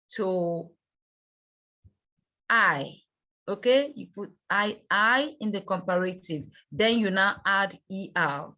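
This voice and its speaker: Woman, English teacher, unhurried delivery that repeats every word, dull lo-fi sound. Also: mid-range voice, bright, forceful tone. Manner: slow, repeats words, checks with "okay?". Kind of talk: bilingual grammar lesson. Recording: dull lo-fi recording.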